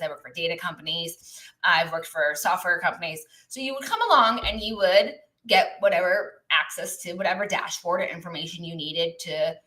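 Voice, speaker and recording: A woman's voice: lowish voice, bright, forceful tone. A woman coaching on a livestream, chatty, often trailing off and restarting her sentences as she talks through examples. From lived in many countries. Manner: chatty, reads the live chat, trails off and restarts. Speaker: business coach. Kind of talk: live-streamed coaching talk.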